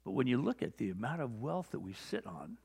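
A man preaching a sermon as pastor, telling stories and acting out both sides of conversations with lively energy. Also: mid-range voice, a little fast, gravelly, slightly rough. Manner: animated storytelling, acting out conversations. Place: church sanctuary. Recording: long hall reverb.

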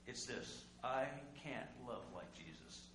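A male pastor preaching a sermon conversationally, asking rhetorical questions and swinging between loud and quiet. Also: mid-range voice, expressive, takes it slowly. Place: church sanctuary. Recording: echoey room with faint hum.

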